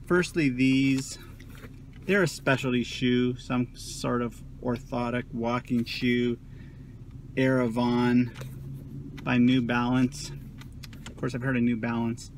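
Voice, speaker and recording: A man talking casually to the camera in a vlog, chatty and self-mocking, recorded in a car. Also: medium pitch. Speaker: vlogger. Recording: loud car and road noise.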